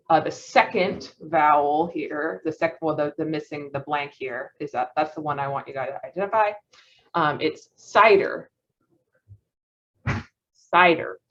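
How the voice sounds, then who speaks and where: Young female instructor, low-ish voice, encouraging and giggly, muffled lo-fi recording. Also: fairly bright tone. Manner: encouraging, praises answers, laughs often. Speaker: phonetics practice leader. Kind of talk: teaching an online phonetics practice session. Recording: dull muffled lo-fi audio.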